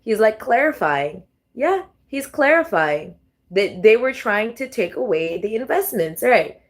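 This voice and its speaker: Profane, animated woman reading tarot. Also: fairly high pitch, a little slow. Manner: profane, animated, laughs often, talks straight to viewers. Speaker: tarot reader. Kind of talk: casual tarot reading vlog.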